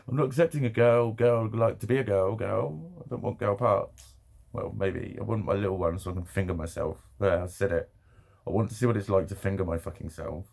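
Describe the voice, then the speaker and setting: A man's voice: lowish voice, a little fast, gravelly, a little mellow. A man rambling emotionally in a personal vlog, laughing often and swearing a lot. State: emotional, near tears. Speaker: vlogger.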